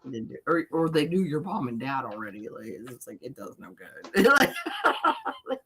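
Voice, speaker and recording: A woman co-hosting a stream, telling crude stories with loud laughs and swearing. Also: extremely low pitch, animated, normal speed, a little hiss or hum. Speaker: stream co-host. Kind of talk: crass casual chat.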